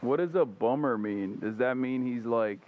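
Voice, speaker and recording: A man's voice: medium pitch, normal speed, narrow, tinny audio, a little hiss or hum. A man streaming, giving live reaction commentary with incredulous, profane asides.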